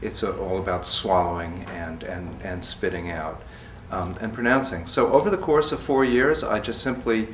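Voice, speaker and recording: A man with a low voice explains his poetry slowly and carefully. He sounds distant from the mic, in a room with plenty of echo. Faint background noise hangs under his words. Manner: slow, measured explaining, then chanted word lists. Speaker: poet. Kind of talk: talk and poetry reading.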